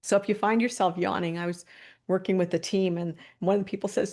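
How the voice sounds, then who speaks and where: A woman leads a guided body-awareness session over a video call, her voice sitting low with a gravelly, fry-edged texture. She talks in a calm, inviting way and laughs lightly between her cues. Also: fairly quick. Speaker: webinar presenter.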